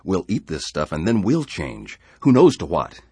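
A man's voice: low voice, wildly swooping pitch, normal speed, a little mellow, husky, no room sound, pitched above the performer's own voice, heavily acted. A man voicing a frightened settler who talks urgently and pleads with others. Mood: alarmed. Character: anxious male settler, frantic and fearful.

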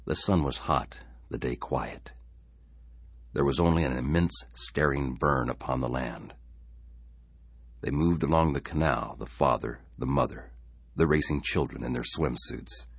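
A man reading a story aloud in an expressive, measured way. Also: a bass voice, breathy edge, dry recording, studio quality. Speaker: narrator.

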